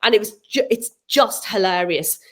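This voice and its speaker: A middle-aged woman, an author, chatting as a guest and telling animated stories, acting out the people she quotes. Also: mid-range voice, moderate pace. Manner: animated storyteller, acts out quotes, frequent laughs. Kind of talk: casual chat.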